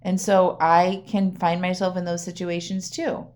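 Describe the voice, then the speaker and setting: A woman's voice: fairly low pitch, flat delivery, a little slow, darkish tone. A woman hosting her own podcast as a coach, talking casually and directly to listeners, often checking in with "right?" and laughing lightly. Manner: chatty, frequent "right?" and "okay?", laughs often. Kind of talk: casual solo podcast talk.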